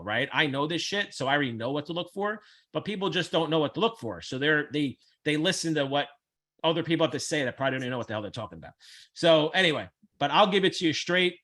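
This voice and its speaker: A man hosting a casual chat, blunt, brash and profane, with animated storytelling. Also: on the high side. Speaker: host.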